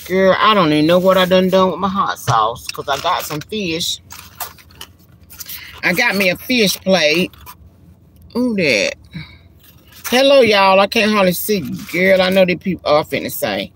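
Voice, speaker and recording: A woman's voice: on the low side, animated, unhurried, long pauses, a bit bright, slight background noise. Chatty woman live-streaming from her car. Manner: chatty and folksy, calls viewers girl and honey. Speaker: vlogger hosting a live stream. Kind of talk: casual live-stream chat. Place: inside a parked car. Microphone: handheld phone camera.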